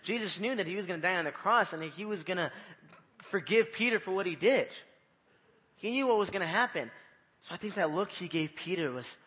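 A man's voice: high voice, animated, fairly quick, fairly bright tone. A man preaching a conversational evening sermon in church, repeating his phrases and putting questions to the listeners. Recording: long reverb of a hall.

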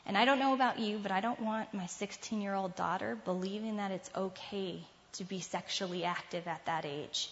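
A woman's voice: mid-range voice, moderate pace, hardly any pauses, slight background noise. A woman giving a devotional talk to other mothers, speaking earnestly and conversationally with small laughs. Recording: muffled sound in a reverberant hall.

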